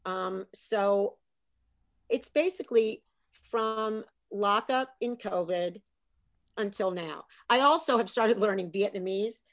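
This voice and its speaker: A middle-aged woman tells funny stories as a guest in a relaxed conversation. She is animated and jokey, often laughing between her lines. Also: mid-range voice, takes it slowly. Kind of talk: comic storytelling in casual chat.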